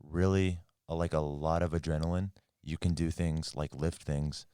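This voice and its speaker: Deep voiced guy musing about a movie on a podcast, dry mic. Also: fairly even intonation, moderate pace, mellow, smooth, no room sound. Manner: musing, repeats himself. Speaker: podcast co-host. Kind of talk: casual chat.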